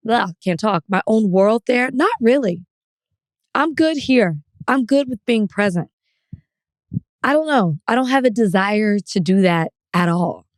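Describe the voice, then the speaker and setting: A woman's voice: medium pitch, a little slow, dry recording, studio quality. A woman co-hosting a podcast, telling a story in casual chat with frequent laughter. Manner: animated storyteller, laughs often. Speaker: podcast co-host.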